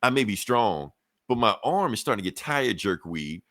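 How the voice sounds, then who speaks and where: A man's voice: fairly low pitch, big pitch swings, normal speed, pushed and bright, dry recording, studio quality. A man doing a taunting superhero tough guy. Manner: taunting, casual slangy delivery. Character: gruff male superhero soldier, menacing and deadpan.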